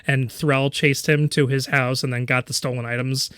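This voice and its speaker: A man's voice: medium pitch, little pitch movement, normal speed, fairly bright tone, clean tone, no room sound. A man narrating a tabletop game as game master, rambling with many fillers and laughing often.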